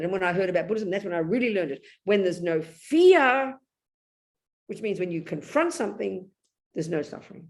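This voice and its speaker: Animated older English woman teaching. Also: fairly high pitch. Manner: blunt, animated storytelling with sudden loud outbursts. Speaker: Buddhist nun teacher. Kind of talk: Dharma talk.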